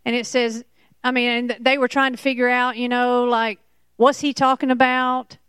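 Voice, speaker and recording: A woman preaching a Bible sermon, slow and emphatic, repeating key points. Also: fairly high pitch, level tone, a bit bright, clear, resonant tone, dry recording. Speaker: Bible teacher.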